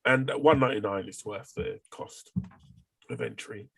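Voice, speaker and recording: Husky man hosting a chat podcast. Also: mid-range voice, normal speed, no echo. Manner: rambling, swearing, with many fillers. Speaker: podcast host. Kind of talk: casual chat.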